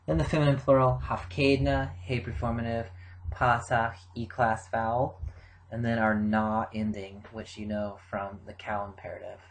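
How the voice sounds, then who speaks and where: Man, middle-aged, grammar lecture, measured explanations, mid-range pitch, frequent fillers. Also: flat delivery, a little hiss or hum, poor audio. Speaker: Biblical Hebrew teacher.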